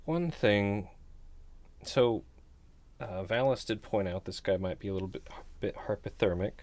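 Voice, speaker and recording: A man narrating as game master in a relaxed way, pausing with ums. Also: on the low side, dry recording.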